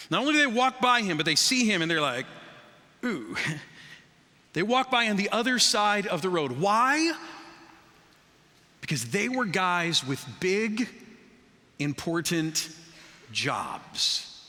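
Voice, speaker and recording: A man's voice: high-pitched, bright, forceful tone. A man preaching a sermon as pastor, talking conversationally and bantering with the congregation. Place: church sanctuary. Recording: reverberant church hall.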